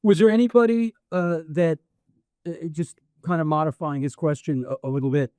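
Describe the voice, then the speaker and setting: Man, moderator, live panel Q&A, blunt, swears a lot, fairly high voice, dry sound. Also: normal speed, a little mellow, smooth, dry recording. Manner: blunt, casual, swears freely. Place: book event in a record store.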